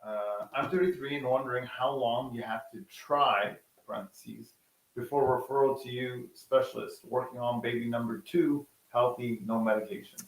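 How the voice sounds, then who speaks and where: Man, co-host reading viewer questions, casual, mid pitch, echoey room. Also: steady tone, normal speed. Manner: casual, reads comments aloud. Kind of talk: live Q&A stream. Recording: roomy, echoey sound.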